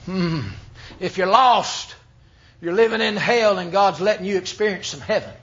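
Male preacher, emphatic sermon, slightly high voice, muffled lo-fi audio. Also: moderate pace. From United States. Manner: emphatic pulpit delivery, swinging between loud and hushed. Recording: dull lo-fi sermon recording.

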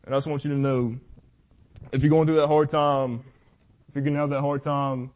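A man preaching at a youth meeting, reading scripture slowly and earnestly, sometimes tripping over his words. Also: medium pitch, flat delivery, a little mellow. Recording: muffled lo-fi audio.

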